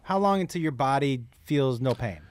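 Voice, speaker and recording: A man's voice: medium pitch, lively intonation, moderate pace, no room sound. A man hosting a podcast, asking curious questions in a casual interview and sharing his own views. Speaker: podcast host.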